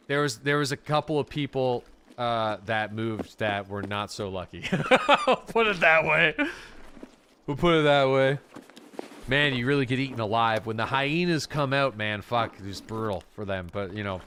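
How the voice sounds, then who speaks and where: There's background noise behind this man's lowish voice as he streams a game. Hailing from Atlantic Canada, he talks casually, curses freely, stays animated and breaks into laughter readily.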